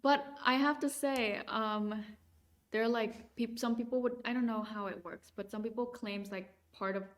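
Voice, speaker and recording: A woman with a slightly high voice and fairly even intonation speaks at a normal speed. Hosting a podcast over a video call, she chats casually and hesitantly about her travel photos, with many fillers and restarts.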